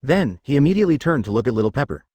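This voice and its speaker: A man's voice: medium pitch, big pitch swings, racing, dark tone, husky, dry recording. A man narrating a fan story in a scripted, machine-read style.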